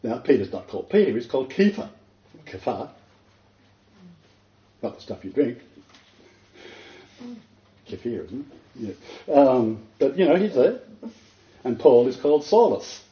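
A man preaching a sermon as pastor, animated and emphatic, often breaking into laughter. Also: medium pitch, normal speed, long pauses, echoey room, muffled recording.

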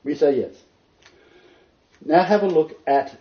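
A man's voice: a little high, takes it slowly, pauses often. Emphatic male preacher, roomy lo-fi sound. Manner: emphatic, repeats key points. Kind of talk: sermon with scripture reading. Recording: roomy, dull lo-fi recording.

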